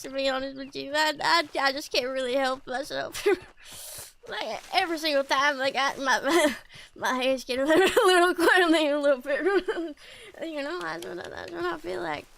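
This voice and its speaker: A woman's voice: very high voice, creaky, bright, forceful tone, slight background noise, exaggerated voice. A woman streaming a game in character as a bashful male cowboy outlaw, stammering and rambling with frequent laughs.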